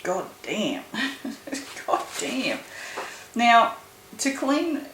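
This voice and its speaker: A woman's voice: a little high, sing-song, extremely slow, fairly bright tone. A woman making soap at home, chatting casually and groaning and swearing in disgust at a smell. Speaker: soap maker. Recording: echoey room with noise.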